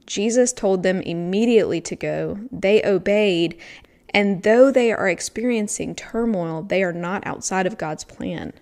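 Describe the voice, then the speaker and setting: A woman hosting a devotional podcast, teaching on a scripture passage in an earnest, reflective way with pauses for emphasis. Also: mid-range voice, darkish tone.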